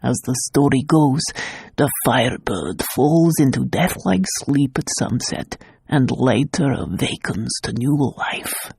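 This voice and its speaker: A woman voicing a gruff, protective middle-aged uncle in an audiobook, speaking gravely and bluntly. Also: animated, takes it slowly, a little mellow, no echo, exaggerated voice. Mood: tender. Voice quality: low, gravelly and husky. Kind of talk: audiobook character voice.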